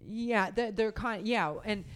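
A woman hosting a podcast, telling a story in casual chat, full of fillers and quick laughs. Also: mid-range voice. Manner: rambling, filler-heavy, laughs often. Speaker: podcast host. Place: podcast recording setup.

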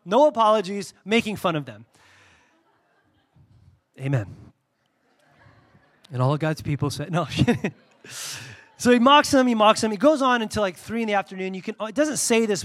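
High-voiced man preaching casually. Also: normal speed, pauses often. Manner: casual storytelling, animated, playful asides. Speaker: pastor. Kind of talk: sermon.

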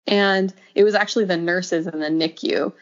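A young adult woman telling a personal story in casual conversation, acting out quoted lines and laughing often. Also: moderate pace. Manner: animated, acts out quoted lines with pitch jumps, laughs often. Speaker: podcast guest telling a birth story. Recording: dull lo-fi audio.

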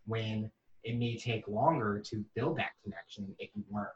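A man's voice: lowish voice, normal speed, distant mic, dull audio. A man hosting an interview, reflecting on and summing up what his guest has said. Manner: reflective, sums up the guest's point. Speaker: interview host. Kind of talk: casual interview.

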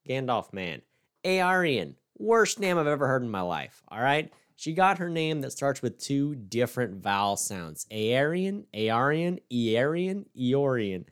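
A man co-hosting a casual comedic review chat, ranting with mock sternness and punctuating his points with "all right?". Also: mid-range voice. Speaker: podcast co-host.

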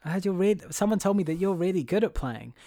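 A man voicing a fond young man who shows his toys to a little child in a soft, coaxing voice. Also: high-pitched, expressive, quick pace, no echo, clean studio sound, voice pushed up.

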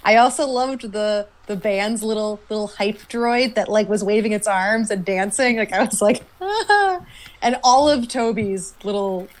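A woman co-hosting a podcast in casual chat, excitable, laughing often and acting out quotes. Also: medium pitch, moderate pace, few pauses. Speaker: podcast co-host.

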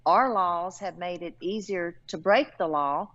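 A woman's voice: lowish voice, measured pace, fairly bright tone. A woman with a Southern American accent answering interview questions as a political candidate, earnest and plain-spoken. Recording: dull lo-fi audio.

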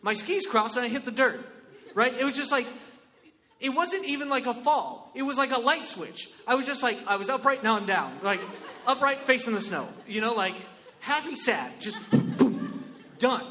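A man with a very high, bright, forceful voice tells a stand-up story. He is animated and exclamatory and keeps asking the audience "right?" His voice rings out with a long hall reverb. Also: moderate pace. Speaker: comedian.

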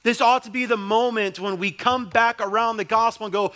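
A man's voice: high-pitched, steady tone, fairly quick, bright, forceful tone. A young adult male pastor preaching a sermon in a conversational way, with emphatic repetition.

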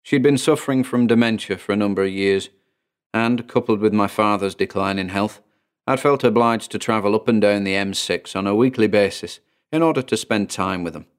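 A man narrating his own first-person horror story in a measured, deliberate way, slowing down on key phrases. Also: lowish voice, smooth. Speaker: narrator and author.

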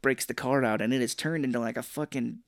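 A man co-hosting a podcast, casually recapping a film with animated retellings, quick voiced impressions of characters and frequent laughs. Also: mid-range voice, vocal fry, no room sound, studio quality. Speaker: podcast co-host. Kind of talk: casual movie recap chat.

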